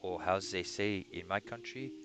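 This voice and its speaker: A wiry foreign dye merchant who has roamed everywhere, as a man reads him out speaks slowly in a low, playful and grand manner. He draws out his words for effect. Guitar music plays clearly behind him. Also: close to an everyday voice. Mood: jovial.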